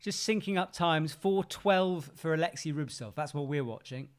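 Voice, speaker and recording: A man's voice: on the high side, clear, resonant tone. An English man co-hosting a live watch-along, commenting casually on a climbing competition with jokey asides. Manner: chatty, jokey, quick asides and laughs. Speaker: co-host reacting to a climbing event.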